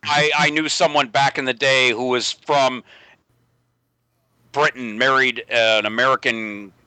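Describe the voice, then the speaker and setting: A man's voice: medium pitch, steady tone, unhurried, sharp tone, dry recording. A middle-aged man in a casual panel chat, rambling and correcting himself as he talks.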